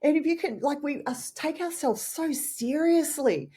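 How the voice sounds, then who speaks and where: An Australian woman, a guest trainer in a podcast interview, telling lively stories and acting out customer and collector lines. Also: sits high, measured pace.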